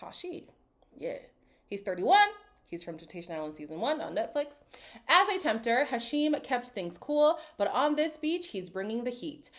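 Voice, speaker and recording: Woman, casual recap vlogger, sassy asides, very animated pitch. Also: moderate pace. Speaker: reality TV recap YouTuber. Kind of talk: casual reaction commentary reading cast bios.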